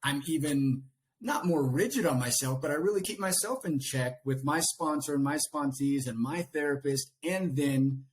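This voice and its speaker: A man who is a coach, a podcast guest, speaking earnestly and reflectively in casual conversation, often animated. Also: on the high side, moderate pace.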